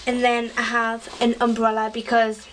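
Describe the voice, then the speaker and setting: A woman's voice: fairly high pitch, monotone, moderate pace, a bit bright, recorded from a distance, a little hiss or hum, rough recording. A teenage girl from England, chatting about her school bag in a rambling way, full of fillers. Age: teens. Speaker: vlogger. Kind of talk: casual chat.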